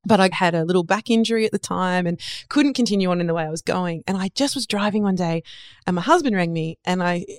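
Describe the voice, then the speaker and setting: A middle-aged woman guesting on a podcast, telling her story in a lively way with frequent laughter. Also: lowish voice, fast, no room sound, clean studio sound. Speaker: guest, communication educator. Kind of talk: interview storytelling.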